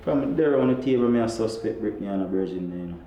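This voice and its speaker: A man's voice: on the low side, expressive, brisk, slight background noise, lightly acted. An actor with a Jamaican accent playing a jealous man ordering his girlfriend out of his house. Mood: brooding. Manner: ordering, shouting commands. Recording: echoey room, mic far off.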